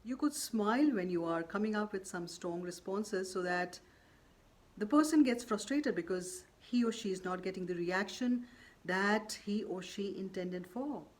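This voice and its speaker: A woman's voice: medium pitch, a little slow. A woman presenting workplace advice straight to her viewers, in a firm, emphatic way that keeps stepping through examples. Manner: firm and emphatic, repeating "or you could say" between examples. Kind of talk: direct-to-camera advice talk.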